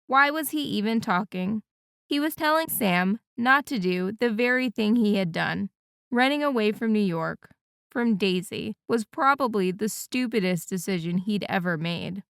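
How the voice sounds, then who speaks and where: A woman narrating an audiobook in an even, measured reading style. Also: medium pitch, smooth, no room sound, clean studio sound. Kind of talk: scripted narration.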